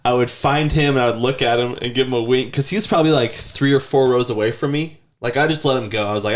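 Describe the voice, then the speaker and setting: This podcast host, a man in his thirties, talks fast in a mid-range voice and rarely pauses. He wanders through rambling anecdotes in a relaxed chat, occasionally putting on a child's whiny voice.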